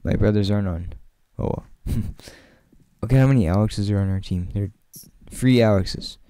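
A man's voice: fairly low pitch, normal speed, dark tone, no room sound. A man giving casual, chatty commentary while playing, joking and laughing often and rambling straight to his viewers. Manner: rambling, talks to viewers directly. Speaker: gaming channel host.

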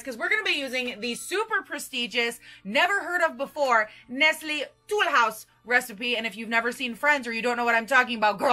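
A woman's voice: on the high side, sharp tone. A young woman in her twenties filming a casual baking vlog in her home kitchen, talking to viewers in a goofy, bubbly way with sing-song asides, picked up by a camera propped on the counter. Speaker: vlogger.

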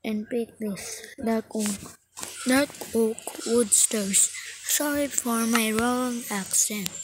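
Slow, apologetic woman. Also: on the high side. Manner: halting and apologetic, step-by-step instructions. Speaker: gaming tutorial maker. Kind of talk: slow game tutorial voice-over. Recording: loud background noise.

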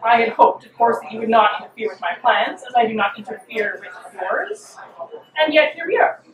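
A woman's voice: fairly high pitch, lively intonation, normal speed, distant mic, phone-quality sound, a crowd in the background, close to an everyday voice. Woman doing a weary, defiant old witch. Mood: cool. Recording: roomy hall, mic from afar.

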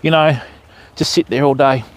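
A man's voice: medium pitch, fairly even intonation, normal speed. An Australian man hosting a fishing livestream outdoors, chatting casually and joking with viewers. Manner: jokey, chatty, greets viewers by name. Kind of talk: casual live-stream chat. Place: outdoors by a river.

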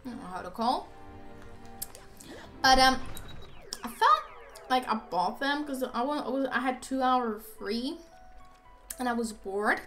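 High, lively young woman gaming. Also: measured pace, pauses often. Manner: chatty, rambling, bursts into squeals and laughs. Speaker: let's play gamer. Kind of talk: casual gameplay commentary. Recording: faint game music behind.

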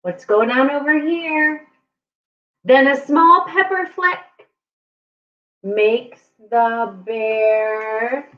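A woman librarian reading a picture book aloud to young children in an animated, playful way. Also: high-pitched, drawn-out words, long pauses, lo-fi sound.

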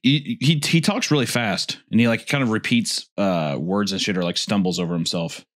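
A man's voice: fairly low pitch, normal speed, fairly bright tone. A man co-hosting a comedy podcast, chatting casually, swearing and laughing easily. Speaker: podcast co-host.

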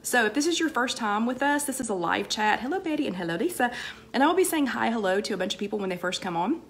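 A woman hosting a live online chat, slightly hoarse with a cold, chatting casually and rambling as she greets viewers by name between sentences, with many fillers and repeated phrases. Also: on the high side, lively intonation, fast, a little hiss or hum.

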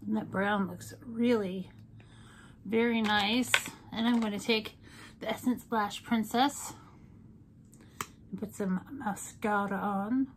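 A woman's voice: medium pitch, steady tone, takes it slowly, long pauses, a little hiss or hum. A woman chatting through a makeup tutorial, playful and talkative, with jokey asides. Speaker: beauty vlogger. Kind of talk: casual makeup tutorial chat.

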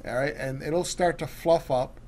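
A man's voice: fairly high pitch, moderate pace, darkish tone. A man co-hosting a casual cooking show, walking through recipes step by step with many fillers and restarts.

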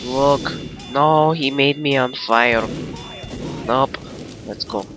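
A man's voice: mid-range voice, slow pace, music in the background. A man doing let's play commentary in a put-on Russian accent. He speaks broken English and brags and giggles through it. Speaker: gamer. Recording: game gunfire loud behind voice. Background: shooter game sounds and gunfire.

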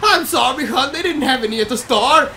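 A woman's voice: sits high, lively intonation, quick pace, background noise. A woman putting on a rowdy mock-Irish mother. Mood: mock angry. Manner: loud, brash mock-Irish shouting with swearing. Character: rowdy stereotyped Irish mother yelling over potatoes. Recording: game music playing behind.

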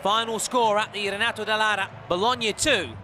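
High-pitched, bright male football commentator. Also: fairly even intonation, a little fast, a little hiss or hum. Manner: calls play by play, rising to shouts at goals. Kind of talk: highlights commentary.

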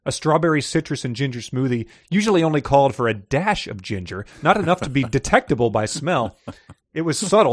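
A man's voice: medium pitch, dry recording, studio quality. A man co-hosting a casual podcast, reading fiction excerpts aloud with light character voices and frequent laughter.

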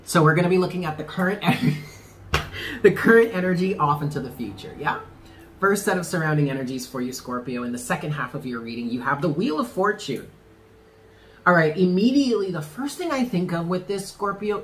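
A man giving a casual tarot reading to the camera, talking in an animated, slangy way with swearing and laughs. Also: fairly high pitch, fairly quick, a little hiss or hum. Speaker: tarot reader.

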